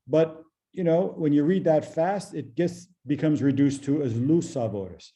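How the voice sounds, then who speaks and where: A man teaching a language class over a video call, patient and explaining slowly with many fillers. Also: a little high, warm tone.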